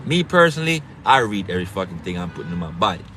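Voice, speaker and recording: A man's voice: low voice, very animated, quick pace, sharp tone, soft background music. A man with an accent lectures in a casual, preachy way, swearing often, stressing and repeating words. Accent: non-standard English accent. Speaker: online health talk host.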